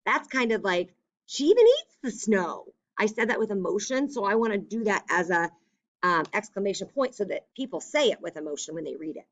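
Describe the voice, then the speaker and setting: A woman's voice: medium pitch, expressive, brisk, a bit bright. A woman teacher giving a remote lesson to young children, explaining step by step in a patient, upbeat way.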